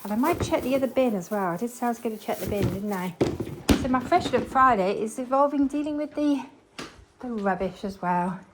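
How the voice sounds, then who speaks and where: A woman's voice: on the high side, lively intonation, fairly quick. A woman chatting casually as a cleaning vlogger, thinking aloud and cheering herself on as she works in her kitchen. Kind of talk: casual chat while cleaning along in real time. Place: home kitchen. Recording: clattering household noise behind.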